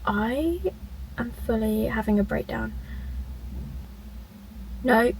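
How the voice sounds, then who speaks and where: Speaking a little high and unhurried over slight background noise, a book vlogger shares her reading reactions from work on her lunch break. The vlog is casual, and she's chatty and emotional, often exclaiming.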